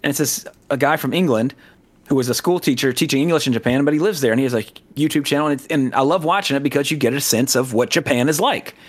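A man from the American South rambles in casual podcast chat, full of fillers, restarts and asides, with the place given as Southern California. He speaks quickly at a medium pitch.

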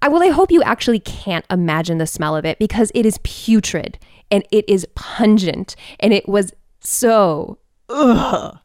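A woman podcast host telling a personal story in an animated, expressive way, with big swings in pitch and pace. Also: normal speed, no room sound, clean studio sound.

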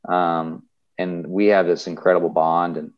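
A young man talks in a deep, low voice, circling back on himself with fillers and restarts as his feelings come through. He sounds openly emotional and unguarded. The recording is a little dull and muffled. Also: little pitch movement, a little slow. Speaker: podcast guest. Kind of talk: casual chat.

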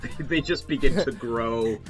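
A player in a tabletop game, amused and deadpan in the banter. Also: mid-range voice, unhurried, loud music behind the voice.

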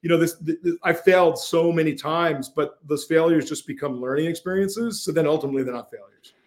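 A man's voice: a little high, brisk. A middle-aged man, a podcast guest, chatting casually and telling stories with lots of fillers and restarts. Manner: animated storyteller with frequent fillers and restarts. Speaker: podcast guest, tech company CEO.

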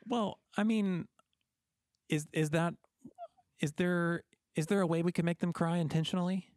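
A man's voice: sits high, steady tone, moderate pace, darkish tone, no room sound. Joking male podcast host, dry sound. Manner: joking, repeats words when starting sentences. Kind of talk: casual podcast chat.

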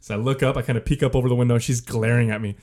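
A man's voice: mid-range voice, fairly even intonation, rapid-fire, darkish tone. A man on a podcast telling a long embarrassing story in a casual, profane way, often laughing as he goes. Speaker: podcast co-host.

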